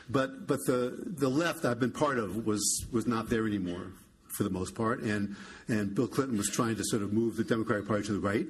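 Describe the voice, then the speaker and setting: An older American man, a historian guest, talking in a halting, wry way with many restarts. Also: medium pitch, a little hiss or hum. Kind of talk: conversational public interview.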